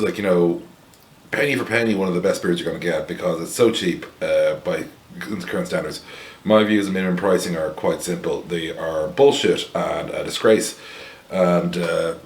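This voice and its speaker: An Irish man with a low voice talks through a beer tasting in a loose, rambling way. He is wry and blunt, with lots of fillers, and the room gives back a noticeable echo. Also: moderate pace. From Ireland. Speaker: beer reviewer, host. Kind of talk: casual chat to camera.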